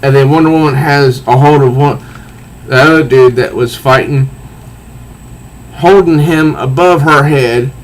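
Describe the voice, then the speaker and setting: A man casually reviewing a comic book, recounting panels in a halting way with repeated words. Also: mid-range voice, poor audio.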